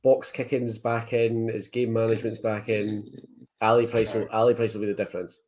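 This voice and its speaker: A man with a lowish voice talks sport with friends. He lays out his opinions and stories with easy confidence. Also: level tone, a little fast, a little mellow. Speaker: podcast guest. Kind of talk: casual sports chat.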